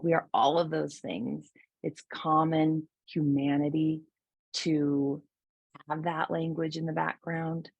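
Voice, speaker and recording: A middle-aged woman giving a gentle, reflective mindfulness talk, with soft laughs and fillers. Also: sits low, gravelly, slightly rough, dry recording. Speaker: mindfulness teacher.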